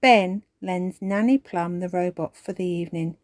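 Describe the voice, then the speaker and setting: A woman reading a children's story aloud in a slow, expressive storybook manner. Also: on the low side, no echo. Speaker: storytime reader.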